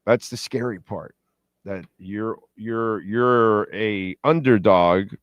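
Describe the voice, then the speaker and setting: A man's voice: on the low side, slow, dry recording, dull audio. A man hosting a pregame sports talk show, rambling in opinionated, die-hard fan banter and reading out messages from his listeners. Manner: reads the chat board and talks to listeners. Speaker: sports radio show host.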